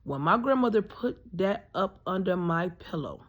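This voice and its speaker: A woman's voice: on the low side, expressive, moderate pace. A woman in her thirties telling a personal story in a casual, rambling way, full of fillers and emphatic asides. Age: 30s.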